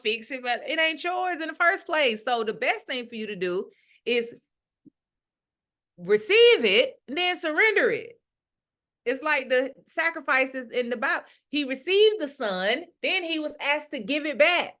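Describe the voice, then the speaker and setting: A middle-aged woman leading a ministry, giving a casual spiritual talk and acting out the voices of the people she quotes. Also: fairly high pitch. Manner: animated, acts out quoted voices. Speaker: ministry leader.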